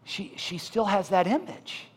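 A man preaching a sermon as pastor, moving between loud emphatic build-ups and soft, slow pleas, and asking his congregation direct questions. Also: high voice, lively intonation, husky, long reverb tail. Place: church sanctuary.

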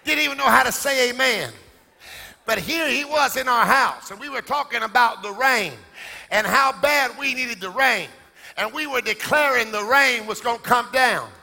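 A man preaching a sermon, shouting and singing his lines in call and response with the congregation. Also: extremely high pitch, moderate pace, creaky. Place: church sanctuary. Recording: echoey church hall with music. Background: music.

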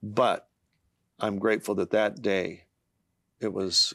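A middle-aged man, a guest author, earnestly tells a personal faith story in an interview, often halting with fillers and restarts. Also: fairly low pitch, little pitch movement, a bit bright, no room sound. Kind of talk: testimony in a talk-show interview.

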